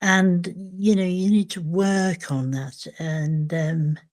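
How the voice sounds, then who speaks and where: An older woman, a memoir author, speaking reflectively in an interview, thoughtful and hesitant with frequent pauses. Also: on the low side, fairly even intonation, darkish tone.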